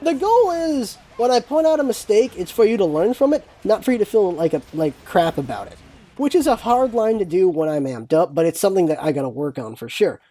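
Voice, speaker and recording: A woman in a casual solo vlog who talks frankly and emphatically, with the odd mild swear. She circles back to the same phrase again and again to hammer a point in. Her voice is mellow and warm, at an ordinary middle pitch. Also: big pitch swings, a little fast. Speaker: gaming vlogger.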